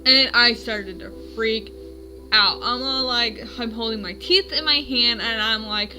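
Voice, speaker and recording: A woman's voice: a little high, measured pace, over music, rough recording. A woman in her twenties at home, telling her dreams in a rambling, self-correcting casual vlog. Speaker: vlogger.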